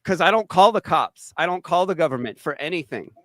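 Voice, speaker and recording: A man's voice: a little high, animated, fairly quick, no room sound. A man hosting a panel chat, blunt and swearing, often stammering and restarting his sentences. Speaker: host.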